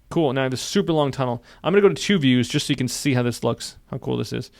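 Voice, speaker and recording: Fast-talking man with a gravelly voice. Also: medium pitch, a little mellow, dry recording, studio quality. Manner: upbeat, repeats phrases while narrating clicks. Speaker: software instructor. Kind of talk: screen-recorded tutorial.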